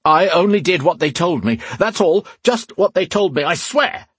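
Frantic, high-pitched cowardly leader, voiced by a male narrator, stammering and pleading. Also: animated, normal speed, a bit bright, breathy edge, dry recording, heavily acted. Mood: begging. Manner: shrill, stammering, begging. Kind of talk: audiobook character voice.

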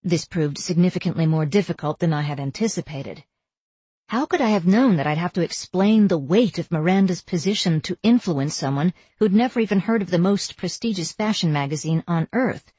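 A woman narrates a first-person novel in a wry, measured audiobook reading. Her voice is husky and sits somewhat low, recorded dry and close with no room echo. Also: dark tone.

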